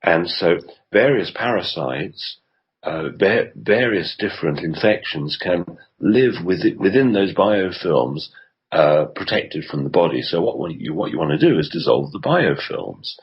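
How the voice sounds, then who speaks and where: A man with a deep voice and a husky, breathy edge talks as a radio interview guest. He explains at length, pausing often with ums and restarting his sentences. The sound is dull and lo-fi, like a remote line. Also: lively intonation. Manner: hesitant, with frequent ums and restarts. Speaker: health consultant guest.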